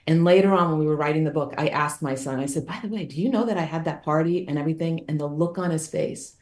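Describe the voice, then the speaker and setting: A woman's voice: low-pitched, fast talker, darkish tone, roomy sound. A woman guest author tells a personal story, candid and emphatic, repeating phrases for effect.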